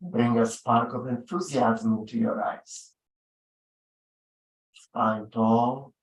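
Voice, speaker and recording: Slow, gentle man guiding yoga. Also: medium pitch, fairly even intonation, far from the mic. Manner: gentle, unhurried spoken cues with long pauses. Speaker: yoga instructor. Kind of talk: guided yoga instruction. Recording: roomy sound from off-mic.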